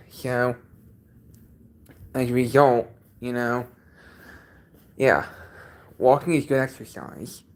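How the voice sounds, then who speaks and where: A man chatting casually on his own livestream from a basement, sounding congested and often repeating himself as he talks. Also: mid-range voice. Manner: halting, repeats each sentence. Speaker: livestream host.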